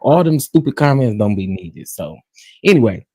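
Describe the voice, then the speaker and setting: A man from West Texas with a Southern accent, hosting a live panel stream in casual chat, folksy and quick to laugh. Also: medium pitch, sing-song, dark tone, breathy edge, no echo. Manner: chatty, laughs often, folksy slang.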